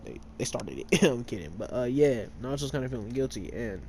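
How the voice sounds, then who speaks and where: A man's voice: mid-range voice, expressive, fairly quick, warm tone, slight background noise. Rambling young-sounding man telling a story. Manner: filler-heavy, trips over names and corrects himself. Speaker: gamer retelling a fan story. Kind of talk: casual rambling storytelling while playing a game.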